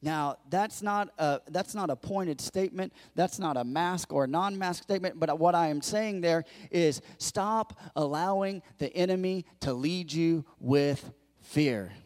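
Male pastor, high-pitched, animated storyteller at the pulpit. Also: unhurried, few pauses, in a large hall. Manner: storytelling, animated, acts out quotes. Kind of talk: sermon.

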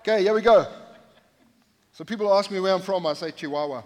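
A man's voice: sits high, a little fast, slight background noise. A man preaching a sermon from the pulpit, speaking emphatically and repeating his key phrases, with joking asides to the congregation. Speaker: pastor. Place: church sanctuary, at the pulpit. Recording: long hall reverb.

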